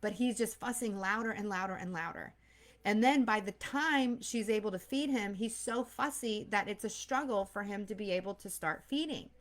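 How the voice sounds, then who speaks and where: A pregnant woman in her thirties, a mindset coach and host, gives an earnest, casual motivational talk, often acting out anxious inner voices. Her voice is mid-range and moves at a moderate pace.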